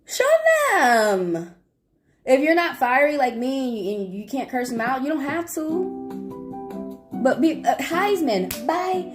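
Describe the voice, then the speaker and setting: A woman tarot reader talking bluntly and profanely to her live chat. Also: sits high. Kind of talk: live-stream talk to chat. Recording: guitar music in background.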